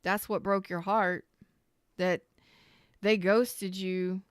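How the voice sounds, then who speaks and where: A woman's voice: mid-range voice, flat delivery, takes it slowly, smooth, dry recording. A woman giving a live-streamed tarot reading, talking in a rambling, candid and emotional way with casual swearing while close to tears. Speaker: tarot reader.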